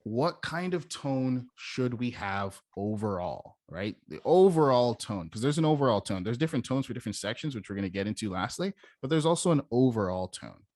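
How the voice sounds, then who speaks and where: A man's voice: mid-range voice, animated, fairly quick, hardly any pauses, a little mellow, no room sound, studio quality. A young man teaching as a sales coach in a casual, emphatic way, demonstrating how stressing different words changes meaning. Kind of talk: casual instructional talk.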